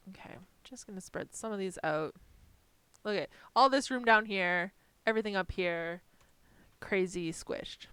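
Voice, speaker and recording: A woman chatting casually on a live stream while designing stickers, self-deprecating and talking to her software as she works. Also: on the low side, smooth, dry recording.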